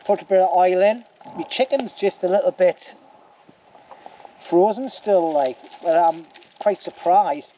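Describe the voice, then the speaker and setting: Man, bushcraft vlogger, mellow and easygoing, talking to camera outdoors with light background noise. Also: high voice, muffled recording. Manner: chatty and joking, with lots of "anyway" and "like". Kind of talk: casual outdoor vlog narration. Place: woods outdoors by a campfire.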